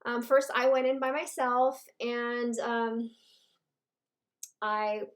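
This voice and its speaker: A woman in her thirties giving a casual personal update at home, halting and heartfelt, with pauses and restarts. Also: fairly high pitch, steady tone. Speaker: vlogger.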